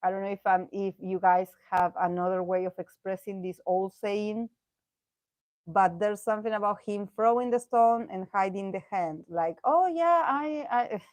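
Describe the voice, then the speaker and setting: A woman talks through a tarot reading in a loose, chatty way, laughing often and restarting her sentences. Her voice sits at a middling pitch and is recorded close and dry, with almost no room sound. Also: fairly even intonation, moderate pace, darkish tone, dry recording. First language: Spanish. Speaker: tarot reader. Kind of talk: casual tarot reading commentary.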